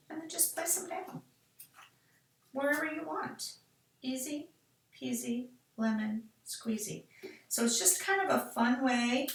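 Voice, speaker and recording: A woman's voice: medium pitch, gravelly, fairly bright tone. A middle-aged woman, casually demonstrating card making and chatting to herself as she works. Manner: chatty, talks to herself while working. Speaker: card-making tutorial host. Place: craft room. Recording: echoey room, mic at a distance.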